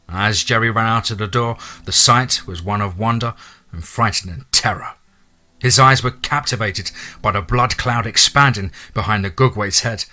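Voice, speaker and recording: A man narrating a horror story in a dramatic, steady audiobook reading. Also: fairly low pitch.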